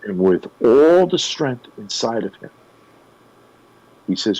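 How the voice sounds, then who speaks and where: A man, a guest on a radio show, retelling a story in an animated way with emphatic pauses. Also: medium pitch, low-quality recording. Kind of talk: conversational storytelling.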